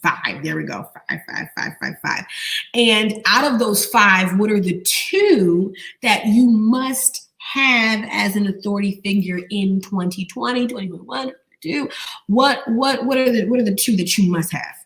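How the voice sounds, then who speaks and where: A young adult woman, an online business coach running a live training and quizzing her viewers with lively, repetitive call-and-response questions. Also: mid-range voice, unhurried.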